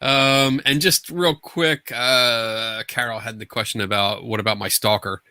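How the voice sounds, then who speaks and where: A man's voice: medium pitch, unhurried, no echo. A man co-hosting a podcast in casual chat, talking in a hesitant way with frequent ums and uhs. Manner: animated, filler-heavy, hesitant. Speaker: podcast co-host.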